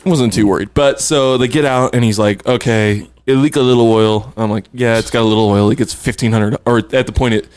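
A man telling a rambling story in casual conversation, laughing between lines at a middle pitch. His voice sits in an ordinary range. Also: fairly even intonation, fast, hardly any pauses, darkish tone. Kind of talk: casual chat, telling an anecdote.

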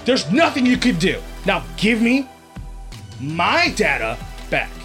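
A man voicing a cocky male half-dragon crime boss who shouts threats in a high, strained voice. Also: huge pitch swings, slow, soft background music, exaggerated voice. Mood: boastful threatening.

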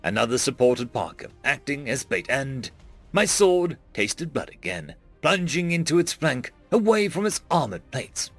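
Expressive male web-serial narrator. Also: mid-range voice, a little slow, no room sound, faint music behind. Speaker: audiobook narrator. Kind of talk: dramatic first-person narration.

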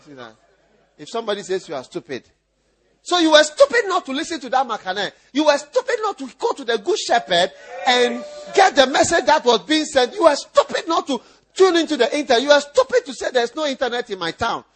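A man preaching a sermon as pastor, teasing his listeners with repeated lines and breaking into shouts and laughter. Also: extremely high pitch, big pitch swings, fairly quick.

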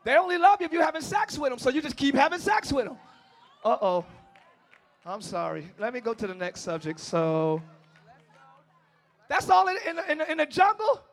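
A male pastor preaching a passionate sermon, swinging between shouting and hushed tones and talking straight to the congregation. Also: extremely high pitch, big pitch swings, a little fast, some chatter behind. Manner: talks directly to the congregation, calling them y'all.

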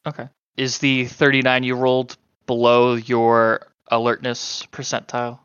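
A man narrating a tabletop game as game master, halting and full of fillers. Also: medium pitch, completely flat delivery, fairly bright tone, clean tone, no room sound, highs cut off.

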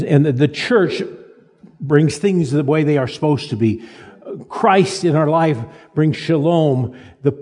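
An older man preaches in a folksy, halting way, restarting his phrases and joking at his own expense. His voice is mellow and a little husky, pitched somewhat high for a man. It rings out with a long reverb, as in a church sanctuary. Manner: folksy, halting restarts, self-deprecating humor. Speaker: pastor. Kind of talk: sermon. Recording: reverberant hall.

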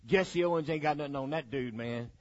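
A man preaching a sermon in an animated, folksy, joking way, captured on a dull lo-fi recording. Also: fairly high pitch, fairly quick.

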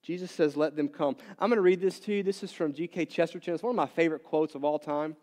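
A pastor giving a sermon, asking the congregation many questions and moving between loud emphatic bursts and quiet low asides. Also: male voice, fairly even intonation, fast. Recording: long reverb in a large hall.

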